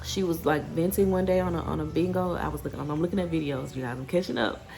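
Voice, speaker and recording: Gravelly low-voiced woman chatting. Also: fairly even intonation, fast talker, darkish tone, faint music behind. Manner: rambling, restarting, fired up when ranting. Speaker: vlogger. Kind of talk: casual vlog chat. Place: outdoors then home.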